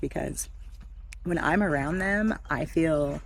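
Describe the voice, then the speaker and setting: A woman in her thirties telling a personal story in a candid, chatty way, with frequent fillers and soft laughs. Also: low-pitched, expressive, moderate pace, slight background noise. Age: 30s. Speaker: vlogger. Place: backyard with chickens.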